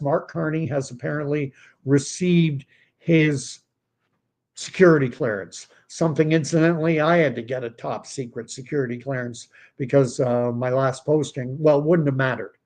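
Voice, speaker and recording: A man's voice: on the high side, moderate pace, a little mellow. A man in his fifties from Canada, hosting a casual livestream and talking in a rambling, digressive way with many fillers and restarts. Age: 50s. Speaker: livestream host.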